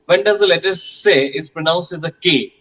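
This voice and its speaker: A man's voice: fairly high pitch, moderate pace, fairly bright tone, low-quality recording. A man teaching a French class, patiently repeating questions and sounds with many hesitations.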